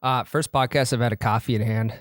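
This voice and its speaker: Excitable young man telling golf stories. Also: mid-range voice, a little fast, dry recording. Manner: animated storyteller, playful and boastful. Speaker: podcast co-host. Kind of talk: casual chat.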